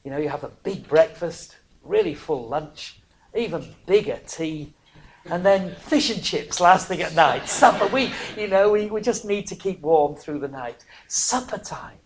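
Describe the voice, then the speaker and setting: A preacher, giving a sermon that swings from hushed near-whispers to loud, emphatic cries, broken by chatty, self-mocking asides. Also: mid-range voice, expressive, measured pace, slight background noise. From northern England.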